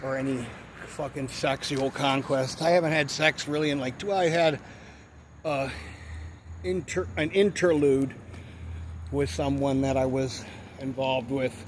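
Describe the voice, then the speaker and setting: A man's voice: medium pitch, little pitch movement, a little slow, long pauses. A man telling a rambling story in a vlog, cursing often and saying "you know what I mean" again and again. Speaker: vlogger. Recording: outdoor noise behind voice.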